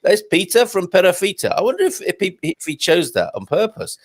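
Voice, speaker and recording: A man's voice: high-pitched, sing-song, a little fast. A middle-aged man hosting a casual live stream, joking and reading out viewer comments. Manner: jokey, reads out viewer comments. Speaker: show host.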